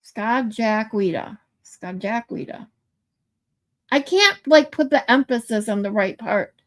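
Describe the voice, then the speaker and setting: At a normal speed and in an expressive, fairly high voice, a woman runs a casual livestream. She keeps things playful, reading comments from viewers aloud and trying out different pronunciations.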